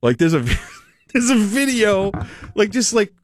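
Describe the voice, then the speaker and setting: A man's voice: sits high, very animated, slow, no echo. A man hosting a radio talk show, chatting casually, rambling with restarts and frequent laughter. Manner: rambling, laughing, self-interrupting.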